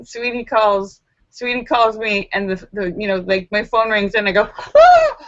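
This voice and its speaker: A woman hosting a casual live stream from home, telling stories in a rambling way with lots of fillers and restarts, and acting out her own frantic self-talk in sudden high squeals. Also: little pitch movement, normal speed, a bit bright, dry recording. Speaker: livestream host. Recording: dull lo-fi sound.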